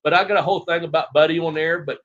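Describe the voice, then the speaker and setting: A middle-aged man from Tennessee, a retired wrestler telling rambling, animated stories as an interview guest and acting out other people's lines. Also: a little high, racing. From Tennessee, USA. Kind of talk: casual storytelling interview. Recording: dull lo-fi audio.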